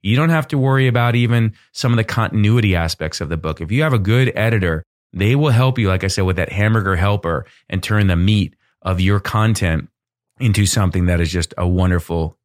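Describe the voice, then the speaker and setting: A man's voice: low voice, fairly quick, no echo, studio quality. A man co-hosting a conversation, speaking in an easygoing, encouraging way with plenty of casual fillers. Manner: encouraging, easygoing, lots of "like" and "you know". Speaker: podcast co-host.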